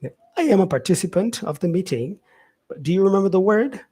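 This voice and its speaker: A man teaching English vocabulary on a live stream, explaining slowly and filling pauses with "yeah" and "um". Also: sits high, lively intonation, mellow, husky. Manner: explains slowly, with many fillers and repeated "yeah". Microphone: facing camera, streaming live.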